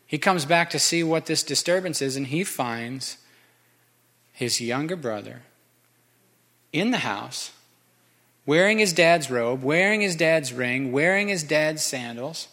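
A man's voice: fairly high pitch, expressive, unhurried, a bit bright. A man preaching a sermon, conversational and joking with the congregation. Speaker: pastor.

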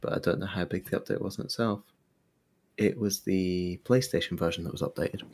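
A man co-hosting a gaming livestream, speaking in a slow, low-key, matter-of-fact way. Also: vocal fry, darkish tone, a little hiss or hum. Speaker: co-host on a gaming stream. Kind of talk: casual livestream chat.

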